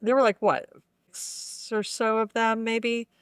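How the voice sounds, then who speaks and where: A man's voice: very high voice, flat delivery, measured pace, fairly bright tone, smooth, no echo, studio quality. A man co-hosting a podcast, chatting casually, blunt and opinionated, laughing often. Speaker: podcast co-host. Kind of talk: casual chat.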